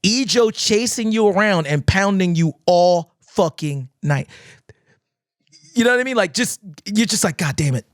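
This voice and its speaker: A man's voice: high voice, a little slow, no room sound, clean studio sound. A man who teaches dance, talking casually on a podcast, acting out crowds and swearing freely as he tells stories. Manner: animated storytelling, acting out crowds and shouts, swears often.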